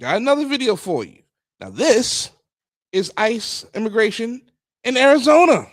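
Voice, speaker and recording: A man hosting a live stream, excitable and profane, talking in bursts as he brings up video clips. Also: very high voice, moderate pace, no room sound. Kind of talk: casual live-stream commentary.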